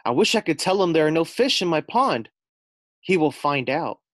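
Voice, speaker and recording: A man doing a gentle, kindly frog. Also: a little high, very animated, moderate pace, dry recording, voice pushed up. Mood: earnest.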